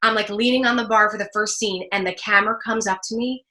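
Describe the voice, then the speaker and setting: A woman from New Jersey, a guest telling an animated personal story, laughing often and acting out what people said. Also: medium pitch, fast talker. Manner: expressive, laughs often, acts out quotes. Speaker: guest, speaker.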